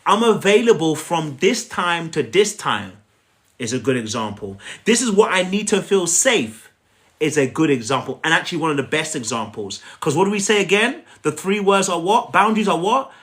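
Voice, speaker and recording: A man's voice: fairly high pitch, very animated, moderate pace, fairly bright tone. Emphatic man coaching on a live stream. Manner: emphatic, repetitive, preachy, asks the audience to repeat after him. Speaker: relationship coach.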